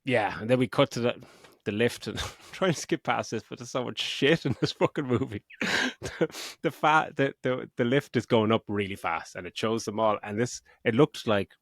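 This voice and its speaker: A man's voice: medium pitch, moderate pace, gravelly, hardly any pauses, dry recording, clean studio sound. A middle-aged man hosting a podcast, retelling a film plot in a rambling, sweary, casual way. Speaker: podcast host. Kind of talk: casual film review chat.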